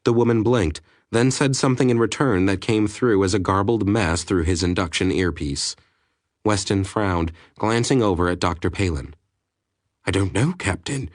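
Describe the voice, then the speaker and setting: A man reading an audiobook aloud in a measured, even narration. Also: sits low, no echo, studio quality. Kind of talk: scripted narration.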